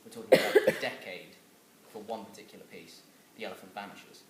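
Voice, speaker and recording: A man's voice: deep voice, brisk. A man presenting to a class and then giving the group directions for a reading exercise. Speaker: student workshop leader. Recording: noisy, roomy recording from far off.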